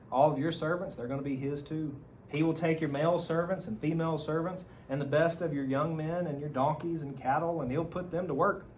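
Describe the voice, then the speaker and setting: Southern man teaching a men's Bible study. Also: fairly high pitch. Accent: Southern American. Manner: earnest, reads scripture aloud and explains it. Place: church meeting room. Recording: dull lo-fi recording, faint room noise.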